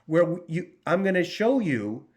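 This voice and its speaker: A man's voice: sits high, big pitch swings, normal speed. Blunt, profane man in his forties. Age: 40s. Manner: blunt and profane, with many restarts. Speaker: recovery coach. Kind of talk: casual direct-to-camera talk.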